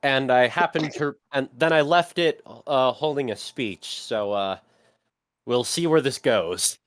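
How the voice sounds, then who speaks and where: A man's voice: medium pitch, measured pace, fairly bright tone, no echo. Male tabletop player, dry close mic, chatty, laughing often, lots of uhs. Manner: keeps breaking into laughter, many fillers. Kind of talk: casual game table chat.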